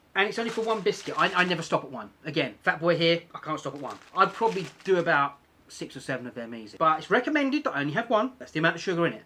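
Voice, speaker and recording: A man's voice: a little high, pushed and bright, a little hiss or hum. A man talking casually in a vlog, chatty and self-deprecating, repeating points for emphasis. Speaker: vlogger.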